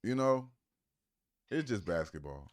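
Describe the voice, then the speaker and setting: A man's voice: lowish voice, very animated, measured pace, noisy background. Mocking, profane man reacting live. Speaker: streamer reacting to a clip.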